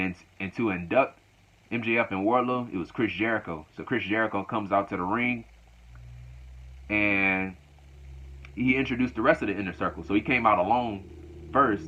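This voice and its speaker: Low-voiced man rambling through a recap. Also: bright, forceful tone. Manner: rambling, repeats words, laughs often. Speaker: wrestling show reviewer. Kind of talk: casual show recap. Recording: lo-fi dull recording.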